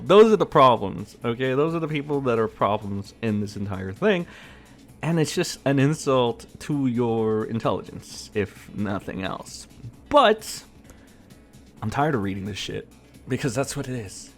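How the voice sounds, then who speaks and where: A man's voice: medium pitch, lively intonation, unhurried, soft background music. A man giving a profane, sarcastic rant as a gaming commentator. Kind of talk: ranting commentary vlog.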